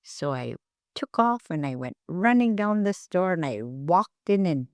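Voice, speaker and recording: Slow-speaking older woman storyteller. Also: lowish voice, lively intonation, no room sound, clean studio sound. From Alaska. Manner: slow, gentle storytelling with acted dialogue. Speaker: elder interviewee. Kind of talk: storytelling in an interview.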